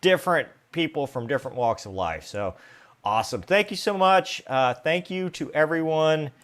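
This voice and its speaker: A man's voice: fairly high pitch, expressive, moderate pace, fairly bright tone. A man hosting a live interview show over a video call, enthusiastic and casual. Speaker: podcast host.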